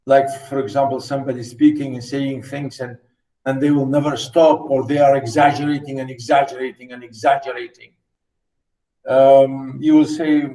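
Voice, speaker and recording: A man's voice: medium pitch, normal speed, mellow. A man whose first language is Arabic, giving a university literature lecture, stressing points by repeating words. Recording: roomy echo.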